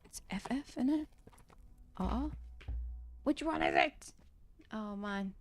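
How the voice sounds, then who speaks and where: A woman's voice: medium pitch, huge pitch swings, slow, dry recording. A woman chatting casually while playing a game, telling indignant stories about work. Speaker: gamer.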